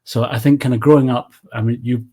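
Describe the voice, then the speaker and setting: A man's voice: medium pitch, fairly even intonation, fairly quick, a little mellow. A British man in his late forties, an interview guest, chatting in an easygoing way as he looks back on his childhood. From United Kingdom. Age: 40s. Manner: easygoing, reminiscing. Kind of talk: casual interview chat.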